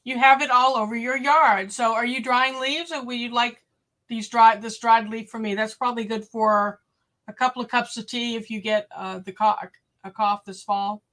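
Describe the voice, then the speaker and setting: A woman's voice: fairly high pitch, steady tone, normal speed, a bit bright. A woman hosting a casual livestream, chatting directly with her viewers. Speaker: homestead livestream host. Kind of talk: casual live-stream chat.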